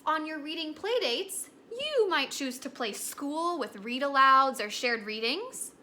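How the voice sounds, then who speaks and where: A young woman teaching a recorded lesson to kindergartners in a gentle, encouraging storytelling way. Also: sits high, animated, measured pace.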